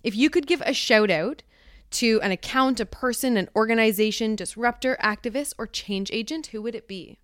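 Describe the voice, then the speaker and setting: A woman hosting a podcast interview, affirming her guest with frequent soft murmurs and then asking her next questions. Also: on the high side, moderate pace, no echo, clean studio sound. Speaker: podcast host. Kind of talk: casual interview conversation.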